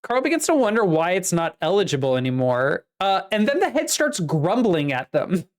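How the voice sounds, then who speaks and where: A woman co-hosting a casual book-discussion podcast, recapping the plot at length in a lively way. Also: on the low side, normal speed. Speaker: podcast co-host.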